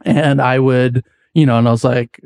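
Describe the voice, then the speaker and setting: A man's voice: medium pitch, level tone, moderate pace, gravelly, darkish tone, clean tone, dry recording, studio quality. A young adult man from the United States, a podcast guest telling a long personal story in casual chat, full of likes and restarts. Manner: rambling, many likes and restarts.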